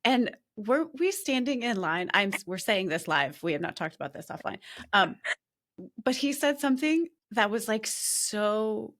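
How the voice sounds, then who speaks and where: A woman's voice: mid-range voice, moderate pace. A young adult woman hosting a podcast, chatting casually with a friend and retelling stories with lots of laughter and restarts. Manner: animated, laughing storyteller with many restarts. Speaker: podcast host. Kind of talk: casual conversation.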